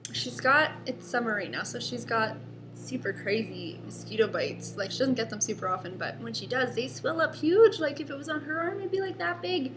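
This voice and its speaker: A woman's voice: fairly high pitch, animated, normal speed, noisy background. A young woman, a mother, chatting casually about her toddler in a rambling home vlog with many fillers. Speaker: vlogger, mother.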